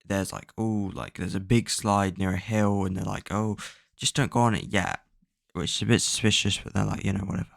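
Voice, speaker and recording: A man with a lowish, gravelly voice talks through a story recap in a loose, rambling way, swearing often and filling gaps with ums. The sound is dry and close, recorded at home. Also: little pitch movement, brisk, no echo. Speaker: book plot summarizer. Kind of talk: casual plot recap. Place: at home, bedroom with a cat.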